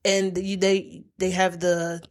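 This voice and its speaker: A woman's voice: on the low side, takes it slowly. A woman podcast host in casual chat, retelling a TV episode and acting out the characters' lines as she goes. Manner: lively storyteller who acts out the characters' quoted lines.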